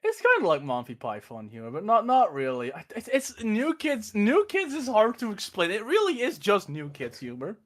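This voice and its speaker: A man's voice: high voice, wildly swooping pitch, moderate pace, few pauses, fairly bright tone. A young Dutch man hosting a casual stream chat, laughing as he rambles through comedy scenes. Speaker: streamer host.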